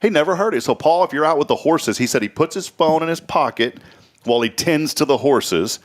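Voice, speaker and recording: A man's voice: on the high side, expressive. A man hosting a morning talk show in a casual, joking, rambling way. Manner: joking, rambling storyteller with quick asides. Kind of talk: casual chat.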